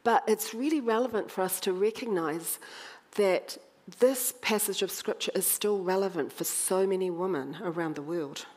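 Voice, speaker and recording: A woman preaching a sermon, conversational and animated, with wry humour as she tells the story. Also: mid-range voice, normal speed.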